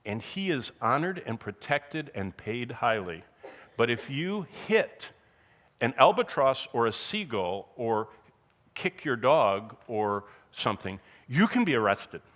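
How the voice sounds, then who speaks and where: A man giving a Bible teaching in sermon style, asking rhetorical questions and swinging between loud bursts and quiet asides. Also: mid-range voice, big pitch swings, takes it slowly.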